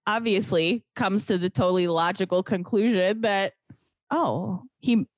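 A woman's voice: mid-range voice, measured pace, no room sound. A woman in casual chat, recapping a movie with sarcasm and some swearing, acting out the characters' lines.

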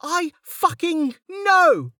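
Fierce young woman warrior, as read by a male narrator, commanding shouts, high and strained. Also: big pitch swings, drawn-out words, dry recording, clean studio sound, exaggerated voice. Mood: shouting orders.

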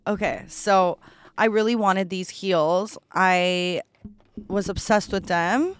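A young woman hosts a solo podcast, chatting casually as she unboxes gifts, gushing and a little bratty, with lots of "like" fillers. Her voice is on the low side and a little slow. There's a slight hiss or hum in the recording.

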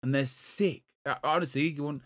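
A man's voice: fairly high pitch, steady tone, moderate pace. A man, a podcast co-host in casual chat, rambling with lots of fillers. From Europe. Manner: rambling, full of "like" and "um".

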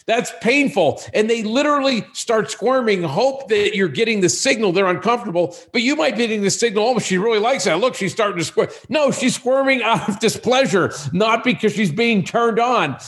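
Guy in his 60s, kinda high voice, acts out all the back-and-forth in his stories, casual podcast chat. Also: normal speed, few pauses. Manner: animated storyteller who acts out quoted dialogue. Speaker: guest, sexual wellness business owner.

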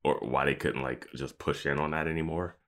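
A man's voice: extremely low pitch, steady tone, brisk, a bit bright. A man co-hosting a podcast, giving critical, analytical commentary in a casual chat. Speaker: podcast co-host. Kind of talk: casual episode recap chat.

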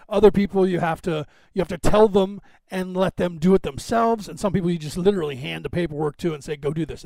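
A self-assured man rambles through his podcast with a gravelly rasp in his voice, which sits a little above the usual male pitch. He drifts off on tangents and asides. The recording is dry and close, with no room sound. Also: mellow, no echo. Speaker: podcast host. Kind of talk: rambling casual monologue.

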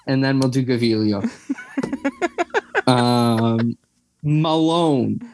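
A man's voice: medium pitch, lively intonation, normal speed, slightly rough. A young man, chatting casually as a podcast co-host, rambling with lots of fillers and tangents. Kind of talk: casual chat.

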